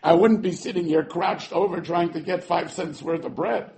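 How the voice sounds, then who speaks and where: A man's voice: fairly high pitch, fairly even intonation, normal speed, creaky, darkish tone. A man voicing an exasperated, skeptical young biblical hero who talks sarcastically and stammers over repeated words. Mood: incredulous.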